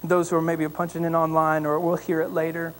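A man preaching a sermon as pastor, telling a story with lively emphasis and then praying quietly. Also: on the high side, a little fast, clean tone, rough recording. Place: church sanctuary.

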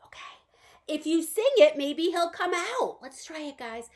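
A children's librarian leading an animated storytime, coaxing young listeners to join in and answer. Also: female voice, high-pitched, measured pace. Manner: animated, coaxing, addresses kids directly. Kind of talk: storytime reading with songs. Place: library, indoors.

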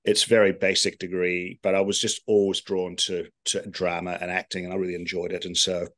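A man who grew up in Scotland and New Zealand, with a mixed accent, chatting as an interview guest in a relaxed, rambling way full of fillers and restarts. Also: sits low. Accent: mixed Scottish and New Zealand. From Scotland, raised in New Zealand. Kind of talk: casual interview chat.

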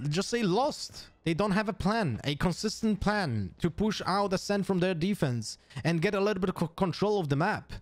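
A man with a non-native English accent doing live esports play-by-play, excitable and thinking aloud with restarts. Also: high-pitched. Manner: excitable, jumps up to shouts on kills. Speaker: esports caster.

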